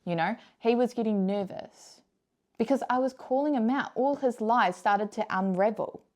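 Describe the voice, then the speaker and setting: A woman's voice: a little high, normal speed, darkish tone. A young woman giving frank, casual advice to camera, blunt and emphatic, swearing freely and repeating her key points. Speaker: vlogger.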